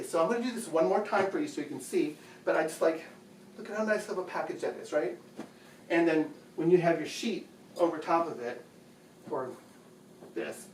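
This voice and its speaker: In his bedroom at home, a man gives a casual how-to demonstration explaining chores, chatty and patient as he repeats phrases. His slightly high voice is fairly quick, recorded in an echoey room on a distant mic with a little hiss or hum.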